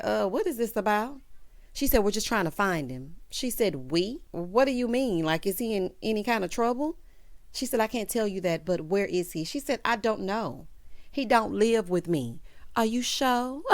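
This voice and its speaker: Sassy chatty woman with a lively voice. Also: mid-range voice, no echo. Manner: sassy, chatty, peppers talk with "child" and "honey". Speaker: TV show recap reviewer. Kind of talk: casual recap commentary.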